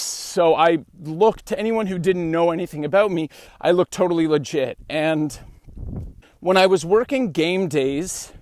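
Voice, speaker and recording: Young Canadian man, podcast host, storytelling monologue, lively, higher-pitched read. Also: dry recording. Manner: animated, acts out quoted dialogue.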